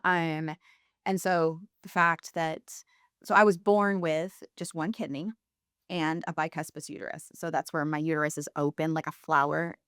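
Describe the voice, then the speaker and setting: A woman in her thirties telling her faith story on a podcast, candid and quick to laugh. Her voice sits a little low, and the sound is dry and close. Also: little pitch movement, a bit bright, clean tone, no echo. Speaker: podcast guest. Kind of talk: personal faith testimony.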